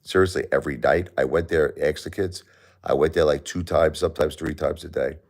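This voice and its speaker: Very deep gravelly-voiced grieving man. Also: steady tone, brisk, darkish tone. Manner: grieving, talks straight to chat viewers; heated and indignant when angry. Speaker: livestream host. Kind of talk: emotional livestream talk to chat.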